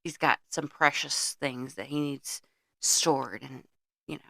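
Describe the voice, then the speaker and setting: A woman's voice: rumbling low, unhurried, vocal fry, sharp tone, no room sound, studio quality. A middle-aged woman co-hosting a podcast, recapping a movie's plot in blunt casual chat and swearing freely. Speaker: podcast co-host.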